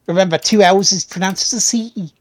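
A teasing co-host in loose stream banter who laughs often. The voice sits at a middling pitch. It is close-miked and dry, with no room echo. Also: quick pace. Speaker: co-host of a live-streamed podcast. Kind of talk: casual banter.

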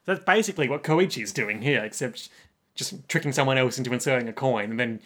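A man co-hosting a casual podcast chat about an anime, with a dry, wry deadpan delivery. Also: medium pitch, fairly quick. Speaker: podcast co-host.

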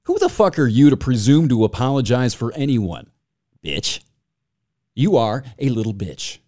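A man's voice: mid-range voice, wildly swooping pitch, moderate pace, mellow. A man hosting a podcast, telling stories and ranting in crude, joking banter. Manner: profane, ranting, jokey. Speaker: podcast host. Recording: faint music bed behind.

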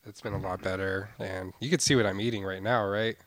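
A man with a slightly low voice jokes through comedy podcast banter in a playful, mock-boastful way. He keeps a casual, easy tone. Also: steady tone, brisk, dry recording. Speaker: co-host.

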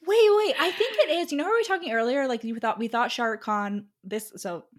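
A young woman co-hosting a casual chat, animated and laughing as she recaps a story. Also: a little high, fairly quick. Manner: animated, laughs, quotes characters. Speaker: podcast co-host.

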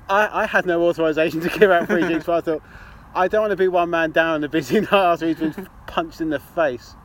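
A man's voice: fairly high pitch, fairly quick. A man from England co-hosting a podcast, telling rambling, stammering stories while walking outside. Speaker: podcast co-host. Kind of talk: casual chat. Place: outdoors, walking along a street. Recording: street traffic faint behind.

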